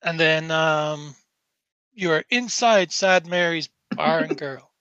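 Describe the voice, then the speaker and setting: A man narrates a tabletop game as game master, circling back on himself with filler words and restarts. His voice is fairly high and bright, and it is recorded dry and close. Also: slow, clear, resonant tone, no echo, highs cut off. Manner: rambling, with many fillers and restarts.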